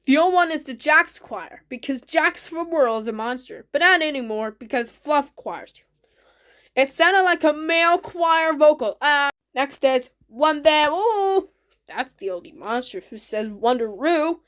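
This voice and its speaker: A woman with a high voice narrates her own video in a loose, casual way. She sounds eager and keeps her phrasing simple and repetitive. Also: fairly bright tone. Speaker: channel host.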